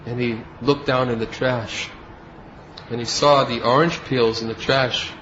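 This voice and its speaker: A man's voice: mid-range voice, fairly even intonation, measured pace, a bit bright. A man leads a devotional class as a spiritual teacher, telling a story from start to end and lending his voice to the people in it. The recording is dull and lo-fi, with a faint hiss underneath. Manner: storytelling, acts out quoted speech.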